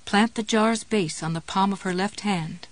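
A woman narrating an audiobook in a measured, even reading voice. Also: mid-range voice, poor audio. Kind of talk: scripted narration.

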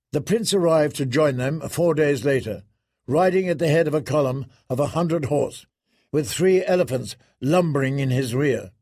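A man narrating a fantasy audiobook in a measured, even storytelling manner. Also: on the high side, husky, dry recording, clean studio sound.

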